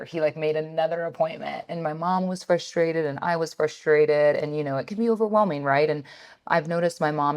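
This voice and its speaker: A woman in her thirties chatting on a podcast, her voice sitting a little low. She tells family stories in an animated, rambling way, full of "like" and "you know.". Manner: animated storytelling, many fillers. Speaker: podcast co-host. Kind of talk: casual chat.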